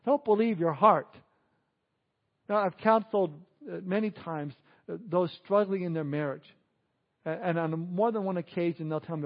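Animated high-voiced male pastor preaching. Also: moderate pace, muffled recording. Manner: animated, acts out quoted people in exaggerated voices. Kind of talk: sermon.

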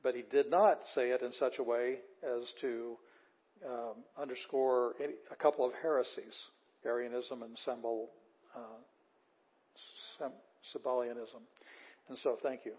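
A man's voice: mid-range voice, steady tone, measured pace, slightly rough. A middle-aged man teaching a Greek class, explaining grammar emphatically and repeating words for stress. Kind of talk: classroom lecture. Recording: dull lo-fi class recording.

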